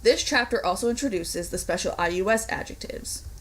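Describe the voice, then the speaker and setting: A young woman teaching a recorded online Latin lesson, explaining grammar clearly and deliberately, with the odd slip of the tongue. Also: medium pitch, expressive, rough recording. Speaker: Latin instructor.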